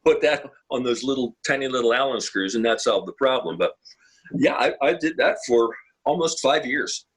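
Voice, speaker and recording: Husky older man telling rambling stories. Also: mid-range voice, animated, moderate pace, fairly bright tone, rough recording. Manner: rambling, anecdotal, many restarts. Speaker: guest musician. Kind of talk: casual interview storytelling. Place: home, video call.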